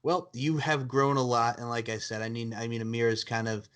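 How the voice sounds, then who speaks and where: A man's voice: medium pitch, little pitch movement, fairly quick, a bit bright. A man hosting a wrestling podcast, talking emphatically and casually, with some swearing. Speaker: podcast host. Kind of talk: casual interview chat.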